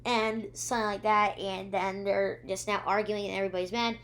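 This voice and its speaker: A woman's voice: medium pitch, level tone, a little fast, a little hiss or hum. A female reviewer recapping episodes in a rambling way, with many ums and restarts, acting out the characters' lines. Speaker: video reviewer.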